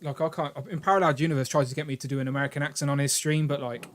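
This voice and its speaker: A man's voice: on the high side, rapid-fire. Upbeat man hosting a live toy chat. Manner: animated, upbeat, reads viewer comments aloud. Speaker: show host. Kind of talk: casual live-stream chat.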